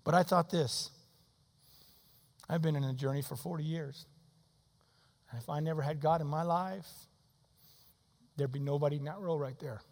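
A man in his sixties preaching an altar call in a church, swinging between soft pleading and loud shouting. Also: fairly high pitch, normal speed, pauses often. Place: church sanctuary. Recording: long hall reverb.

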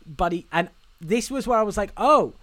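High-voiced man recapping a film. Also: brisk, a crowd in the background. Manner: animated retelling, acts out film lines. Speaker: podcast co-host. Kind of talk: casual film recap chat.

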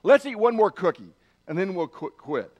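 A man's voice: high voice, sing-song, normal speed, darkish tone. A man voicing an impatient male toad who loves cookies, in a storybook retelling during a sermon. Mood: excited.

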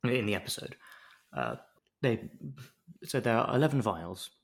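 Recapping a TV episode on a podcast he co-hosts, this man has a lowish, gravelly voice and takes his time. His casual chat is lively and full of jokes, with quotes acted out in different voices.

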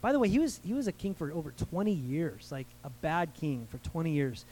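High-voiced preacher asking for amens. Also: male voice, lively intonation, brisk, warm tone, poor audio. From United States. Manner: conversational preaching, asks the crowd for amens. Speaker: pastor. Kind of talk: sermon.

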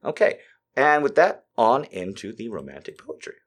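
A man hosting a live show in a casual, rambling, sardonic way, swinging between loud bursts and quiet asides. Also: medium pitch, big pitch swings, normal speed. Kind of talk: casual live-stream chat.

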